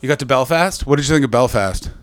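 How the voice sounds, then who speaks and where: A man doing stand-up, riffing with the crowd in a profane, animated way on a comedy club stage. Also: medium pitch, fast talker. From North America.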